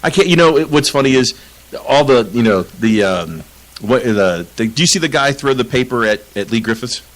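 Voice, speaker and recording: A man's voice: medium pitch, animated, normal speed, low-quality recording. A man co-hosting a casual soccer podcast, ranting with lots of swearing and frequent laughter. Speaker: podcast co-host.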